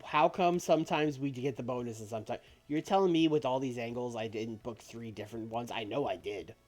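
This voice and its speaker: A man casually commentating on a wrestling booking game he streams, in an animated, jokey, rambling way. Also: medium pitch, fairly quick. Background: faint background music.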